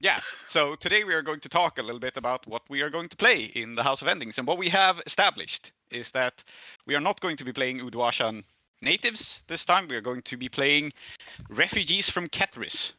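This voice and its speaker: A man's voice: on the high side, lively intonation, brisk, sharp tone, dry recording, dull audio. A man hosting and running a tabletop game in casual chat, chuckling often and using lots of fillers. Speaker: game master and host.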